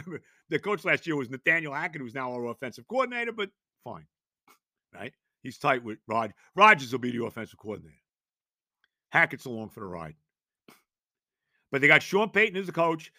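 An older man hosting a sports podcast, ranting loudly and exasperated, hammering points with shouted repetition. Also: on the high side, no echo, clean studio sound. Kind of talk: sports talk rant.

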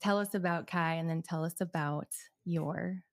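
A woman's voice: on the low side, fairly even intonation, normal speed, no room sound, studio quality. A woman hosting a podcast interview, encouraging and affirming as she asks questions. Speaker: podcast host. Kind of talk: casual interview chat.

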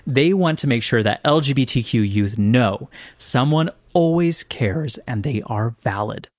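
A man co-hosting a podcast, chatty and quick to laugh, earnest when giving announcements. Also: mid-range voice, expressive, no room sound, studio quality. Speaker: podcast co-host. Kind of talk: casual podcast chat.

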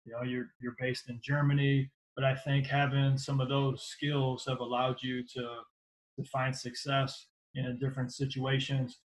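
A man hosts a podcast for coaches and speaks in an earnest, even tone. His pitch stays mostly level and there is little rise and fall in his delivery. He sounds sincere as he praises his guest and closes the episode. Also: moderate pace, rough recording. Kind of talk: podcast interview and sign-off.

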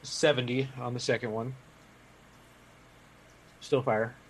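Man, tabletop player, relaxed casual talk, mid-pitched voice, faint background noise. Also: slow, poor audio. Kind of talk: casual tabletop game chat.

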